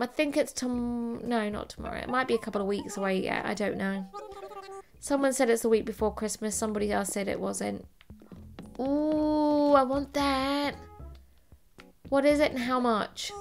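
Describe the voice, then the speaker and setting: A woman hosting a let's play, talking through her game in a rambling, self-deprecating, chatty way. Her voice sits a little high and has noticeable vocal fry. Faint music plays underneath. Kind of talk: casual gameplay commentary.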